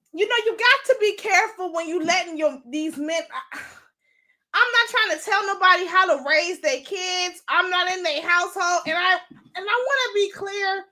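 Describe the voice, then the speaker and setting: A young woman hosts a casual commentary segment, giving blunt, animated opinions. Her voice sits very high and sounds bright and sharp, and she swears freely and breaks into laughter often. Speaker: show host.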